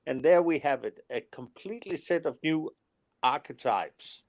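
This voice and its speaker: A man in a casual group chat, speaking slowly with a teasing manner. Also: on the high side, animated, darkish tone, dry recording.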